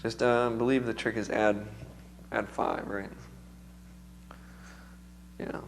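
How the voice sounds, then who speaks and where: A man's voice: on the low side, little pitch movement, slow pace, vocal fry, slight background noise. A man with a strained, recovering voice, teaching music theory to a seminar class in a casual, chatty way and quizzing the students.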